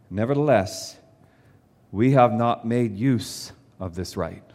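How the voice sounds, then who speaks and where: A man preaching a sermon, reading scripture aloud and voicing imagined objections in an animated way. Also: lowish voice, long reverb tail. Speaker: pastor.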